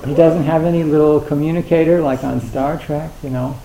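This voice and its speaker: A middle-aged American man giving a dharma talk as a Zen teacher, in a loose, halting, conversational way with many fillers and a wry, gentle humor. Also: a little high, crowd noise. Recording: roomy hall with faint hiss.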